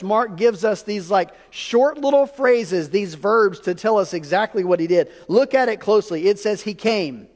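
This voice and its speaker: A man preaching a sermon in a church, animated and full of rhetorical questions to the congregation. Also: high voice, long reverb tail. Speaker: pastor. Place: church sanctuary.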